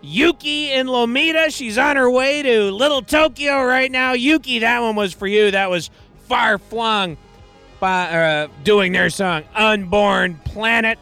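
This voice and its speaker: A radio DJ and host with a high, bright, sharp yet gravelly voice speaks into a studio mic as faint music plays underneath. Between song credits he rambles in wry, digressive, self-deprecating patter, tossing off deadpan asides and restarting sentences as he goes.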